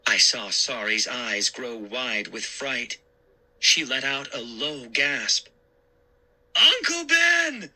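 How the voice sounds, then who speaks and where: A man narrating a spooky story in a measured, dramatic reading. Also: medium pitch, fairly even intonation, sharp tone, rough recording.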